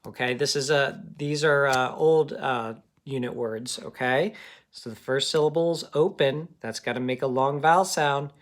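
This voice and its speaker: A man's voice: medium pitch, moderate pace. A man teaching a phonics lesson to children, patient and encouraging, checking in often with "okay?".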